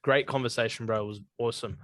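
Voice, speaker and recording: A podcast host chats easily with his mates, calling them "bro" and "mate" and running through plugs to close the show. The sound is dry and close, with no room around his voice, and his pitch sits in an ordinary middle range. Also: fairly even intonation, fast talker, fairly bright tone, no room sound. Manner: easygoing, matey, promo-style sign-offs. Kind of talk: casual podcast chat. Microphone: video call.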